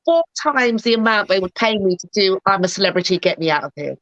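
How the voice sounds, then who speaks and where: A woman's voice: mid-range voice, expressive, quick pace, a bit bright, no room sound, dull audio. A middle-aged woman and actress, chatting playfully as a guest on a talk show. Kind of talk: casual chat.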